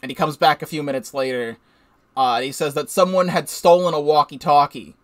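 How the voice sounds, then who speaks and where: A man's voice: a little high, steady tone, fairly quick, no room sound. A man streaming a racing game, chatting casually and telling a rambling work story with lots of filler words and the odd swear. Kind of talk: casual gameplay commentary and storytelling. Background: game music.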